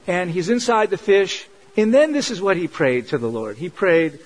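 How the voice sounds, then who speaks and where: High-voiced preacher giving an earnest sermon. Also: male voice, expressive, normal speed, hardly any pauses, poor audio. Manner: earnest, conversational preaching with emphatic repetition. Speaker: pastor.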